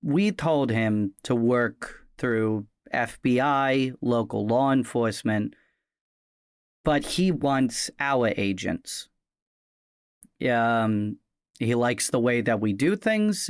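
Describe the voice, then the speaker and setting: A man's voice: mid-range voice, clear, resonant tone, no room sound. A man voicing a blunt, candid government agency official in a tabletop game, speaking frankly and wryly in a close, dry sound. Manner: frank, wry, conversational.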